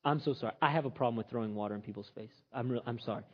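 A man playing a sheepish fellow in a joke, mumbling low apologies. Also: rapid-fire, long reverb tail, lightly acted. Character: sheepish man who keeps throwing water, mumbling apologies. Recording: slightly muffled recording.

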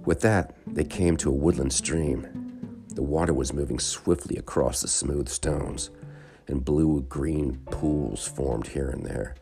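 A man narrating a children's adventure story in a calm, measured way. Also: a bass voice, over music.

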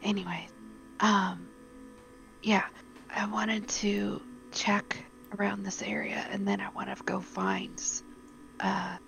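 A woman playing a tabletop game, speaking softly in a whispery way. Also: mid-range voice, flat delivery, slow, creaky, soft background music, low-quality recording. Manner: soft and whispery. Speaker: player. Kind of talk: casual chat while playing a tabletop game.

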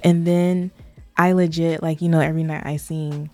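A woman's voice: deep voice, little pitch movement, moderate pace, dark tone, faint music behind. A woman co-hosting a podcast, chatting casually and telling stories with many "like" fillers. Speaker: podcast co-host. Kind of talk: casual chat.

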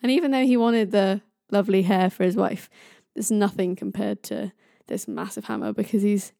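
A woman's voice: mid-range voice, steady tone, moderate pace, vocal fry, dark tone, no room sound, clean studio sound, natural voice. A woman doing a blunt, gleeful thunder god. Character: boisterous delighted male thunder god.

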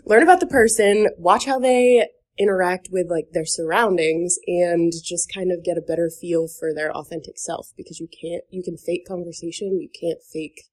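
Young woman from new hampshire, lowish voice, rambly podcast storytelling, lots of "like" and little laughs. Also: normal speed, hardly any pauses, a little mellow. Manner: chatty, many fillers and "like", laughs between sentences. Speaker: guest telling a dating story. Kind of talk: casual podcast chat.

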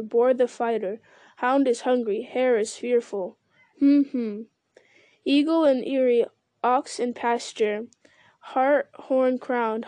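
A woman voicing an ancient, giant male tree creature who speaks slowly and solemnly, murmuring and humming as he thinks. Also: on the high side, dark tone, no room sound, close to an everyday voice. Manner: slow, deliberate, murmuring with hums.

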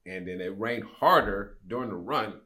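A man's voice: lowish voice, moderate pace, pushed and bright. A man in his fifties, a podcast guest, telling a story in casual chat. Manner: storytelling, acts out quoted people.

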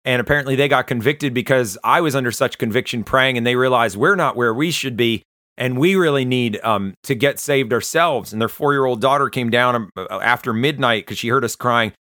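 A man earnestly telling his personal conversion story, halting often with fillers and restarts. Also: mid-range voice, bright, forceful tone, dry recording, studio quality. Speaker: testimony speaker.

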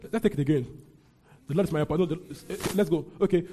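A man's voice: fairly high pitch, rapid-fire, dark tone. A man preaching a sermon as pastor, leading his congregation in call-and-response scripture reading. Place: church with a congregation.

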